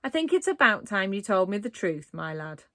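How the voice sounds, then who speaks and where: A bemused, stern father, put on by a woman reader, questions his son with suspicion. The voice swings widely in pitch. It sounds close and dry, like a read-aloud storybook. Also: sing-song, normal speed, a bit bright, no echo. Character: gruff, bemused father, a coughing man in bed. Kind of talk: storybook reading.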